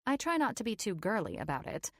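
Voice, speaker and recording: A woman's voice: medium pitch, very animated, fast, breathy edge, no room sound, clean studio sound. A woman narrating a first-person romance audiobook in a wry, playful storytelling manner.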